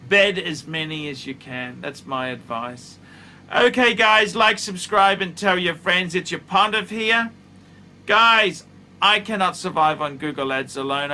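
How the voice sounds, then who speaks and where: A man's voice: fairly high pitch, sharp tone, a little hiss or hum. A man in his fifties giving blunt, profane, emphatic advice, talking casually in his office studio. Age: 50s. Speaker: watch reviewer.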